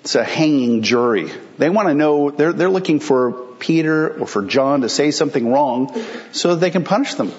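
A man's voice: on the high side, lively intonation, moderate pace, muffled recording. A male pastor preaching a sermon in a conversational, explanatory way, asking rhetorical questions and answering them.

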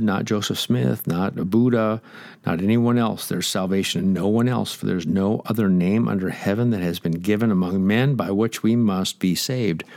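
A man's voice: on the low side, gravelly, a little mellow, no room sound. A man preaching a sermon, stressing his points and asking the listeners direct questions. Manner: emphatic, rhetorical questions to listeners.

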